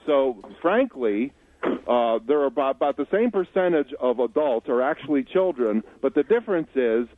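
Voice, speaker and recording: A man's voice: mid-range voice, expressive, normal speed, no room sound. Lecturing man over a phone line. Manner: assertive, lecturing. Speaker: guest on a radio talk show. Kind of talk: opinionated call-in commentary.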